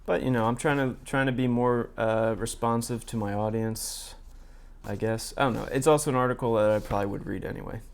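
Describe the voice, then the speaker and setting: A man's voice: mid-range voice, steady tone, fairly quick, vocal fry. A man hosting casual political commentary, reading articles and quotes aloud in his own plain voice with sardonic asides. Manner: frequent fillers and restarts, asides.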